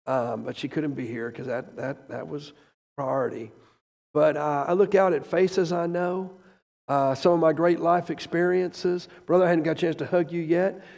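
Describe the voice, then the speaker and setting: An older man preaching, emotional and rambling at first, then rising loud and fervent. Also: fairly high pitch, steady tone, normal speed, creaky. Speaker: traveling preacher. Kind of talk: sermon. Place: church sanctuary. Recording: echoey church hall.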